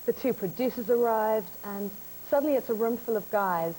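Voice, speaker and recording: A young woman, a talk show guest telling a lively, self-mocking story about an audition. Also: on the high side, moderate pace, a little hiss or hum, low-quality recording.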